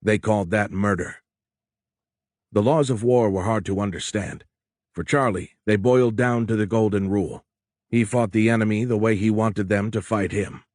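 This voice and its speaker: A man narrating a war novel as an audiobook in a measured, steady storytelling manner, close on a studio mic. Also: lowish voice, no room sound.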